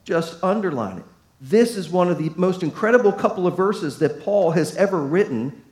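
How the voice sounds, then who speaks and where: Preacher with a high, roomy voice. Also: male voice, expressive, moderate pace. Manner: folksy, emphatic preaching with big swings from loud to hushed. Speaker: pastor. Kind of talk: sermon. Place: church sanctuary. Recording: echoey room.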